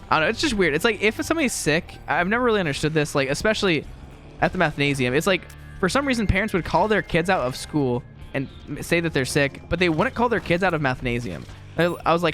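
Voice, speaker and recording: Faint music sits under this young man's talk as he casually comments on a game from his room at home, chatting, rambling, and teasing himself. He speaks a little fast, his somewhat high voice swinging in a lively way.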